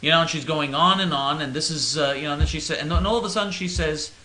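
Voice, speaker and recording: A man's voice: a little high, quick pace, few pauses, echoey room, heavy background noise. A male host delivering a sarcastic, rambling satirical monologue, stammering over his words.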